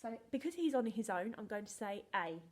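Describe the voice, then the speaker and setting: A woman's voice: medium pitch, very animated, fairly quick, darkish tone. A woman teaching a recorded phonics lesson to young children, sounding words out letter by letter in a playful, sing-song way and pretending to need their help. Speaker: primary school teacher.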